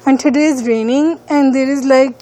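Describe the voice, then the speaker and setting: A woman's voice: sits high, steady tone, moderate pace, warm tone, rough recording. A female student speaking English as a second language, talking hesitantly with many fillers while walking outdoors around her neighborhood and filming on a phone. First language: not English. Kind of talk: casual walking-tour vlog.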